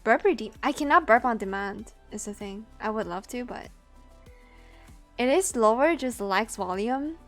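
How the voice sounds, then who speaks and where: A woman's voice: on the high side, expressive, normal speed, fairly bright tone, faint music behind. A woman streamer chatting casually and playfully with her viewers, giggling often. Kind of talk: casual live-stream chat.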